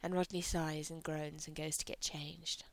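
Low-voiced woman reading a story. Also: flat delivery, moderate pace, gravelly. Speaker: narrator. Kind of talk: reading fan fiction aloud.

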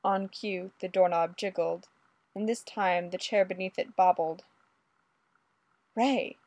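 A woman narrating adult fiction aloud in a steady, measured reading. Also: fairly low pitch, no echo.

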